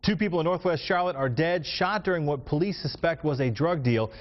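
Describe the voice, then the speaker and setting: A man reading news headlines as an anchor, in a crisp, measured way. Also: on the high side. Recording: dull lo-fi broadcast audio with faint music.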